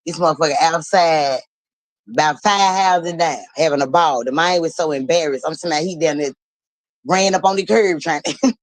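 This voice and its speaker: A woman hosting a livestream, telling a story in an animated, blunt and profane way and laughing as she talks. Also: deep voice, normal speed, no echo, rough recording. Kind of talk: casual storytelling.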